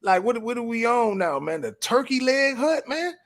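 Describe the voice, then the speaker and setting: A man's voice: very high voice, big pitch swings, normal speed, a bit bright, no echo, clean studio sound. A man hosting a casual talk show, riffing with slang and many stumbling restarts. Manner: loose, repetitive, frequent restarts and slang. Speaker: podcast host.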